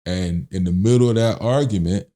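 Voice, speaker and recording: A man's voice: low-pitched, normal speed, mellow. A middle-aged man guesting on a podcast, telling a personal story in casual slang and acting out the quotes.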